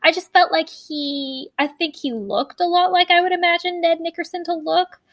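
A woman co-hosting a podcast in casual chat, talking fast and loose with lots of fillers and restarts. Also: very high voice, no echo. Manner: chatty, many fillers and restarts. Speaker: podcast co-host.

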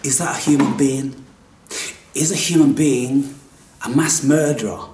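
A man's voice: mid-range voice, fairly even intonation, unhurried, a little hiss or hum. Theatrical man in an echoey room. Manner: dramatic, swings from hushed whispers to loud outbursts. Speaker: spiritual video maker. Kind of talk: theatrical spiritual monologue. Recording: echoey room, distant mic.

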